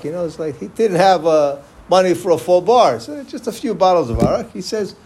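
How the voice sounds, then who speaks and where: A man's voice: sits high, expressive, brisk, hardly any pauses, husky. A man giving a Torah class, casually retelling religious stories and mixing in Hebrew terms as he goes. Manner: loose storytelling with Hebrew terms and restarts. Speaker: Torah teacher.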